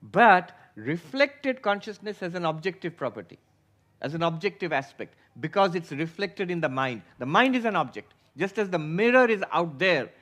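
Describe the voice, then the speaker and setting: A man with a rather high voice leads a philosophy class as a spiritual teacher. He explains patiently, often asking his listeners questions. He slips into quick impressions of everyday thoughts to make his points. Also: a bit bright. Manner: acts out everyday inner voices for illustration.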